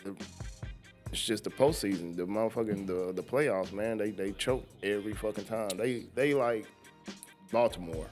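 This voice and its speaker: A man with a fairly low voice co-hosts a casual sports chat. He mostly chimes in with brief agreement and blunt, profane remarks. Faint music plays under the talk. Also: normal speed, a little mellow. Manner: short agreeing replies, profane. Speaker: podcast co-host.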